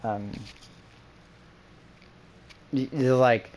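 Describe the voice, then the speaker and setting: A man in casual chat, rambling with many fillers and breaking into profane, animated rants. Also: mid-range voice, slow, long pauses, a little hiss or hum.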